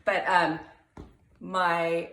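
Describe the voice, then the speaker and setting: Excitable woman telling a story, echoey room. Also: fairly low pitch, drawn-out words, slight background noise. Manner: animated, excited storytelling with voiced quotes. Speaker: daughter giving a birthday message. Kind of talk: storytelling birthday message.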